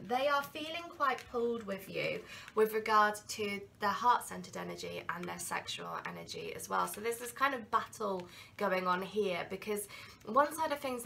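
A woman's voice: mid-range voice, creaky, bright, forceful tone, a little hiss or hum. A woman with a cold giving a rambling, earnest tarot reading with many ums and restarts. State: has a cold. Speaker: tarot reader.

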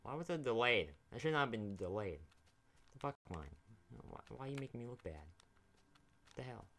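A man's voice: medium pitch, big pitch swings, a little fast, a bit bright. A young man giving casual, rambling commentary while playing a video game, swearing freely and talking to the characters on screen. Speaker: gaming YouTuber.

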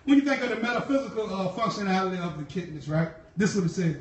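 A woman's voice: medium pitch, expressive, quick pace. A woman preacher delivering a sermon, telling stories in a casual, slangy way and repeating key lines with fervent bursts. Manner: fervent, repetitive, shouting bursts, laughs; conversational slang storytelling. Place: church. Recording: echoey hall from far off.

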